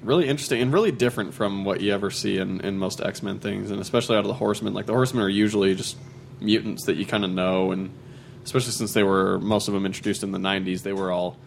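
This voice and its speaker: A man's voice: lowish voice, fairly even intonation, quick pace, creaky, slight background noise. A man hosting a casual chat, upbeat and playful, laughing often.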